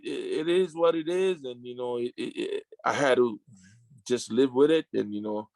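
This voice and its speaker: A man in his fifties, a retired sumo wrestler, telling his story in an interview with emotional, halting restarts and casual slang. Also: medium pitch, vocal fry, a little mellow, dry recording. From Samoan family.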